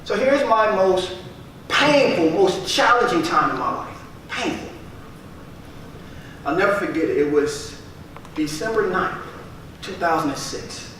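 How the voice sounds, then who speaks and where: A man's voice: high voice, expressive, measured pace, pauses often, a bit bright. A man giving a motivational speech to a live audience, emphatic and repeating key phrases for effect. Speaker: motivational speaker. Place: large echoey room with audience. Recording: very echoey, from far off, faint noise.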